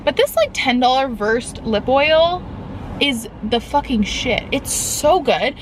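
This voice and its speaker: Young woman, vlogger, animated and casual, bit of a potty mouth, phone-camera sound with faint road noise. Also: high voice, slow pace, rough recording. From Canada. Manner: chatty, animated, swears casually. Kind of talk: casual vlog chat. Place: in a car and out running errands.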